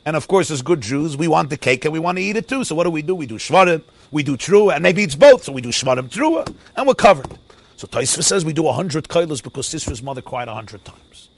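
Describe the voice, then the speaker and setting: A man giving an animated, sing-song Torah lecture. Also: on the high side, fast talker, a little hiss or hum. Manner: animated, sing-song preaching with Yiddish and Hebrew terms. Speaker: rabbi teaching a Torah class.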